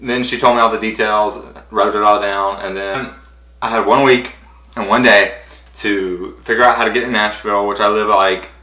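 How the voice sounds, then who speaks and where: Bright-voiced young man in an echoey room. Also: fairly even intonation, normal speed. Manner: breathless, rambling, acts out quotes in high squeals. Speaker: vlogger. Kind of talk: excited storytelling.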